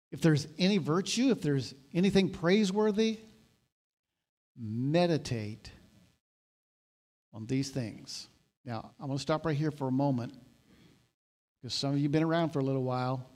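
Fairly high-voiced man preaching. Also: normal speed, pauses often. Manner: emphatic, rises to loud exhortation then drops to calm teaching. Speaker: pastor. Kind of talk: sermon.

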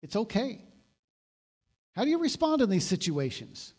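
Brief: male pastor, high-pitched, conversational sermon that swells into exhortation. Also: very animated, moderate pace, a little mellow, breathy edge. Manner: conversational preaching, rising to emphatic exhortation.

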